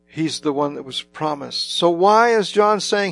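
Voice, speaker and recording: Male preacher, sermon, slow and emphatic, gravelly, faint guitar behind. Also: on the high side, animated. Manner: slow, emphatic, dramatic swings in loudness.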